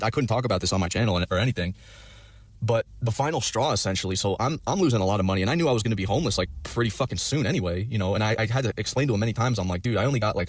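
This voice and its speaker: Fast-talking, profane young man. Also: lowish voice, no echo. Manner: profane, rambling, many fillers. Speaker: vlogger telling a story. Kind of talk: rambling personal storytelling.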